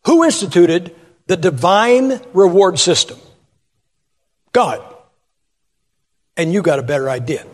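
A man's voice: sits high, animated, slow, pauses often, big-room sound. A man preaching a humorous sermon in church, telling folksy stories, asking the crowd rhetorical questions and acting out voices. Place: church sanctuary.

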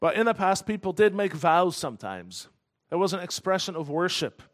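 A man preaching a sermon in an earnest, emphatic way, slowing down to stress key phrases. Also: sits high, big pitch swings. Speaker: pastor.

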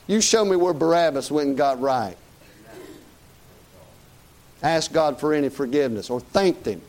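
A man's voice: on the high side, expressive, moderate pace, darkish tone, poor audio. A man preaching a sermon to a congregation in a church, emphatic and folksy, firing off rhetorical questions and calling for amen.

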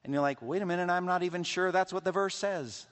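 A man's voice: high-pitched, quick pace. Preaching man in a reverberant hall. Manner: conversational preaching, reads scripture aloud, wry asides. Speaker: pastor. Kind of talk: sermon. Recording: long reverb of a large hall.

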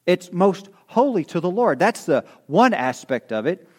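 Pastor, middle-aged man, slightly higher register, teaching a Bible passage in a loose, conversational sermon style with frequent asides to the congregation. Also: very animated, normal speed, darkish tone. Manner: conversational, self-correcting, asks the congregation "okay?". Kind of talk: expository sermon.

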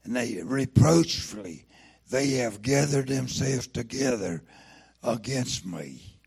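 A man preaching a sermon, breaking in with fervent shouts of praise. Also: medium pitch, expressive, takes it slowly. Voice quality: gravelly.

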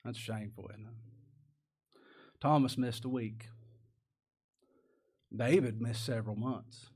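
A man's voice: mid-range voice, fairly even intonation, takes it slowly, darkish tone, husky. A man preaching a sermon, folksy and plain-spoken, asking the congregation rhetorical questions and reading scripture aloud. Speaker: pastor.

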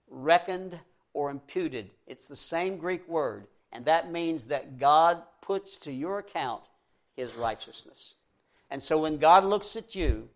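A man preaching a sermon as pastor, earnest and slowing to stress key words, then leading a prayer. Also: fairly high pitch, vocal fry.

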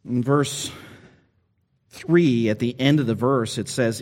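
Pastor, male, mid-pitched, delivering a sermon earnestly with emphatic stresses. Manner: earnest, expressive preaching with emphatic rises and slowed stresses.

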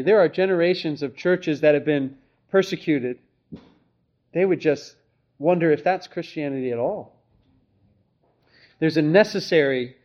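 Male pastor, high voice, earnest and emphatic sermon, slightly muffled lo-fi recording. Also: darkish tone. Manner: earnest, emphatic, rhetorical questions. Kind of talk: expository sermon.

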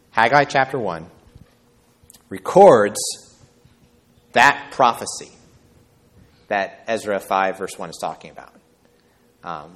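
A man preaching a sermon who reads from the Bible and talks conversationally, often checking in with the listeners by asking "right?". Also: on the low side. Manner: conversational, with frequent tag questions. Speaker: pastor.

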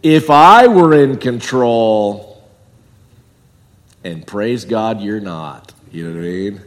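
A man preaching a sermon in a church, talking conversationally and swinging from loud and high to low and quiet. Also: lively intonation, takes it slowly, big-room sound. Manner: conversational with wide swings in pitch and volume. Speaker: pastor. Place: church sanctuary.

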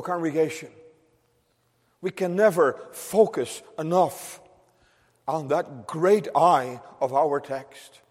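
A man's voice: high-pitched, darkish tone, slightly rough. A man preaching a sermon as pastor, fervent and exclamatory, in a church sanctuary. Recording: long reverb of a large church.

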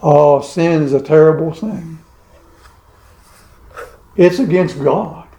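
A man preaching a sermon in a slow, measured way, pausing heavily between emphatic phrases. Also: on the high side, warm tone, echoey room.

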